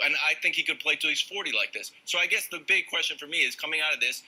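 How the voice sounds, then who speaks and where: A male sports talk show host leading a lively debate, playful and teasing with his co-hosts. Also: on the high side, fast, slightly rough, rough recording. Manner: playful, laughs and teases co-hosts.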